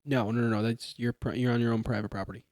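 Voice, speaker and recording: A man's voice: mid-range voice, steady tone, fast, a little mellow, no echo, clean studio sound. A young man, a police trainee in casual podcast chat, explaining with examples and lots of fillers and restarts. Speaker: police trainee or new officer. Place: podcast studio in a garage. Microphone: studio mic.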